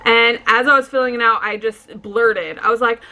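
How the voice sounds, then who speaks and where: A young adult woman vlogger telling a casual storytime, animated and swearing, acting out what people said. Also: fairly high pitch, moderate pace.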